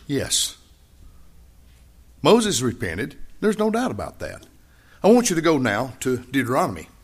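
A man's voice: wildly swooping pitch, unhurried, slightly rough. Preacher man with sweeping dramatic delivery. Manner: dramatic, swings from loud high emphasis to quiet low asides; repeats key phrases for emphasis. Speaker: pastor. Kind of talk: sermon.

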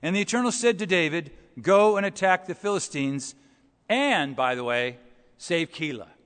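A man's voice: on the high side, animated, normal speed, fairly bright tone, smooth. Conversational male preacher in a reverberant hall. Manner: expository, conversational, rhetorical questions. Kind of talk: sermon.

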